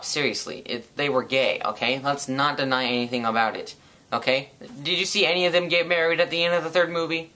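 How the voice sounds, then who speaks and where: A man's voice: medium pitch, pushed and bright. A man delivering a sarcastic, profane, rambling comedic rant as a vlogger.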